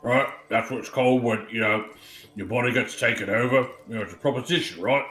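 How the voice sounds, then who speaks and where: A man's voice: medium pitch, fairly quick, fairly bright tone, soft background music. A man playing a tabletop game, joking in an offhand way. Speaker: player. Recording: echoey room mic.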